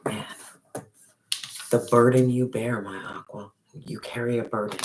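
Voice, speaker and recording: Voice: medium pitch, fairly even intonation, a little slow, pauses often, background noise. A tarot reader giving a spiritual reading straight to the viewer, emphatic and repetitive, with casual slang and the odd swear.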